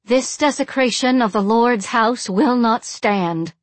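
A woman voicing a stern, devout young warrior woman who speaks gravely and gives commands. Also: mid-range voice, normal speed, darkish tone, dry recording, natural voice.

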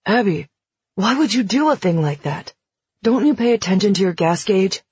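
Woman reading a joking teenage boy, husky tone, dull dry lo-fi audiobook sound. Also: medium pitch, lively intonation, normal speed, darkish tone, no room sound. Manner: wry, teasing.

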